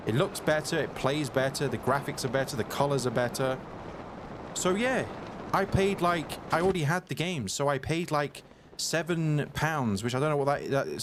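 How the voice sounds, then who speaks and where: Man ranting at chat over game music. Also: a little high. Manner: irritated ranting at chat, repeats himself. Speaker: streamer. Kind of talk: live gameplay commentary.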